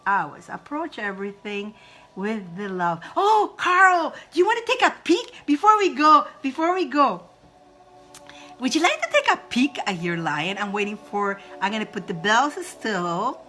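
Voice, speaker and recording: Animated, bright-voiced woman from Egypt. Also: mid-range voice. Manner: playful, laughs often, animated roars and breathing cues. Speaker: spiritual advice host. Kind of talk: casual spiritual advice talk to viewers.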